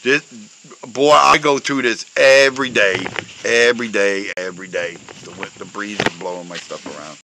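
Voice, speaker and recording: A man hosting his own show outdoors, chatting casually in a loud, forceful, outspoken way and chuckling often. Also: lowish voice, moderate pace, background noise. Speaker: show host showing memes and pictures. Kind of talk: casual rambling commentary. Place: outdoors in a breeze.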